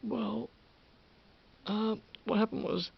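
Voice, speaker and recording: A man with an Australian accent telling a story to camera in a casual vlog, animated, swearing freely and dropping into whispers. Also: high-pitched, slow pace. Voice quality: gravelly. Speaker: vlogger. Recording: dull lo-fi with faint hiss.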